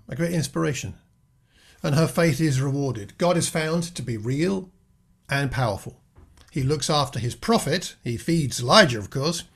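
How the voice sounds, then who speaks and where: A man's voice: mid-range voice, gravelly, husky. A man giving a reflective Bible teaching, talking earnestly with restarts and rhetorical questions. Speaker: preacher.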